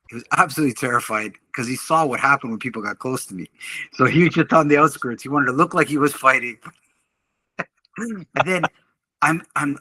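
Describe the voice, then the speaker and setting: A middle-aged man, a podcast guest, telling a story in casual talk, animated and laughing often as he acts out what others said. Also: medium pitch, slightly rough, no echo. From Canada. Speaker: podcast guest, martial arts instructor.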